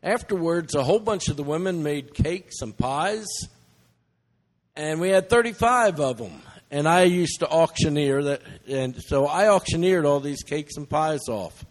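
Middle-aged male preacher, earnest and emotional, slightly high voice, long church reverb. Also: lively intonation, a little slow. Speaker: missionary preacher. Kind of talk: sermon storytelling.

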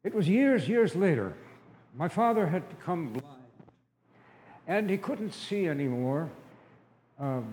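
A man telling a biblical story in first person as its character, earnest and often halting and stammering. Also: a little high, darkish tone, big-room sound, a little hiss or hum.

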